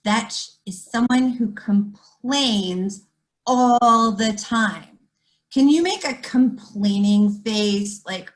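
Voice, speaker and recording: A woman telling a children's story at storytime, slow and animated, inviting the kids to join in. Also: fairly high pitch, poor audio.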